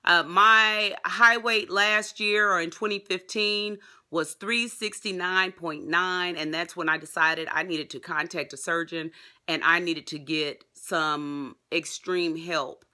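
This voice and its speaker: Bright, excited woman vlogging. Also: on the low side, slow pace. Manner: excited, chatty, addresses viewers as y'all. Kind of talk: casual vlog update.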